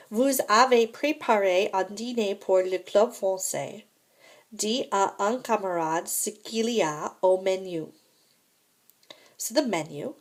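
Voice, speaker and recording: A woman teaching a recorded French lesson, explaining grammar step by step and checking in with "right?" and "okay?". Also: medium pitch.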